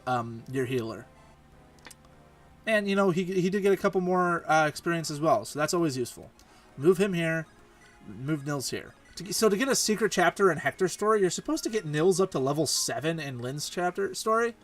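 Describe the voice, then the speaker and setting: Lively young-sounding gaming host. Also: male voice, fairly high pitch. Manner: chatty, thinking aloud. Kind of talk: let's play commentary. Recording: distant mic with faint game music. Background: game music.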